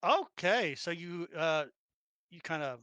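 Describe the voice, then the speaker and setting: A man running a tabletop game session, his voice bright and slightly raised in pitch. He narrates with animated energy and mouths playful sound effects. The sound is dry and close. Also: slow, smooth, no room sound, lo-fi sound. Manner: animated, laughs often, acts out sounds. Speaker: game master.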